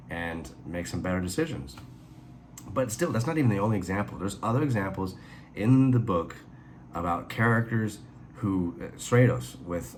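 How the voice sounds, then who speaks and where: A man with a deep, low voice talks through a casual review, rambling and animated as he retells events and jumps into asides. A faint hiss sits under the recording. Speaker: reviewer and author.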